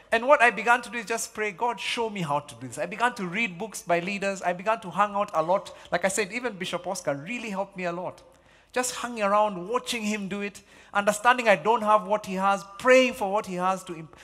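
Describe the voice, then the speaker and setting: A middle-aged man preaching a sermon as pastor, emphatic and animated, repeating key phrases as he tells stories. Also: high voice, fairly quick. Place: large church hall. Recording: long church hall reverb.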